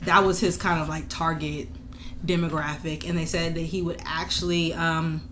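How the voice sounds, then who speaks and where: A woman's voice: low voice, flat delivery, normal speed, fairly bright tone, slight background noise. A woman co-hosting a true crime podcast, retelling a case in loose, slangy, casual chat and laughing often.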